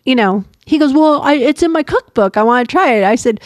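A woman's voice: high-pitched, a little fast, dry recording. A woman in her fifties co-hosting a casual chat podcast, telling family stories with lots of laughter. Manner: animated storyteller, laughs often. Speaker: podcast co-host.

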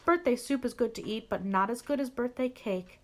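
A woman voicing a cheerful small male bear cub in a storybook read-aloud, in a high, eager childlike voice. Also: fairly quick, darkish tone, close to an everyday voice. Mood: happy.

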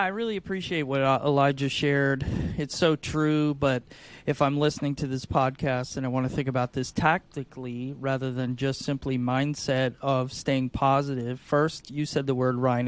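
A man on an insurance sales podcast giving tactical advice in a lively, demonstrative way, often acting out calls. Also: mid-range voice, clean tone. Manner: animated, acts out sales calls.

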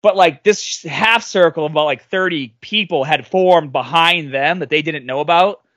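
A man in his late thirties telling a story casually on a podcast, animated and loudly acting out the people he quotes. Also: fairly high pitch, normal speed, dry recording. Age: 30s. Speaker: podcast guest.

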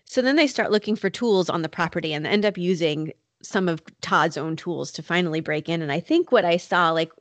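Woman, low-pitched podcast host; casual true crime narration, filler-heavy, dry close mic. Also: fairly quick, hardly any pauses, no echo. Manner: conversational, many "like" and "you know" fillers. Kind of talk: casual storytelling chat. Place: North Carolina.

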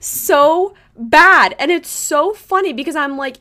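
A woman's voice: high-pitched, animated, takes it slowly, sharp tone. A woman co-hosting a podcast, chatting casually and laughing as she tells a story. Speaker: podcast co-host. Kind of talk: casual chat. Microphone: video call on computer.

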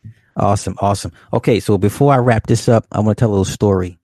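A man's voice: on the low side, fast talker, warm tone, no room sound, studio quality. A man hosting a call-in show, telling a childhood story in a laid-back, profane way and laughing often. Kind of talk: casual late-night call-in storytelling.

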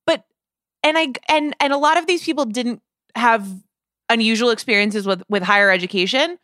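A woman co-hosting a podcast, chatting casually about an album in a playful, animated way, often restarting her sentences. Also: on the high side, moderate pace, no room sound, studio quality. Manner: animated, playful, self-interrupting. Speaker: podcast co-host. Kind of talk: casual chat reviewing music.

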